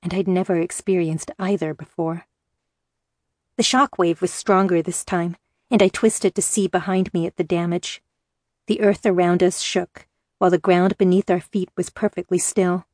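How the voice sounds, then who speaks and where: A woman reads first-person fiction aloud in a measured, steady way. Her voice sits on the lower side, and the recording is close and dry, with no room echo. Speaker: audiobook narrator. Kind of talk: scripted first-person narration.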